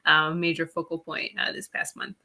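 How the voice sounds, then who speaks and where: A woman's voice: low voice, fairly even intonation, brisk, creaky, pushed and bright. A woman chatting thoughtfully on an online show, with a hesitant delivery and frequent ums. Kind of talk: casual chat.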